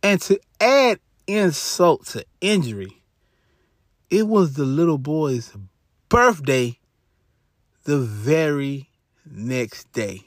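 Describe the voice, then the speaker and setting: A man's voice: fairly high pitch, expressive, slow pace, pauses often, no room sound, clean studio sound. A man telling a true crime story in a casual, slangy way full of fillers.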